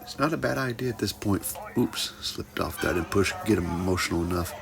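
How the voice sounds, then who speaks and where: A man's voice: deep voice, lively intonation, a little fast, gravelly. A man teaching a pottery class in a casual hands-on demonstration, joking with his viewers as he works. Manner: playful, jokey asides addressed to "folks".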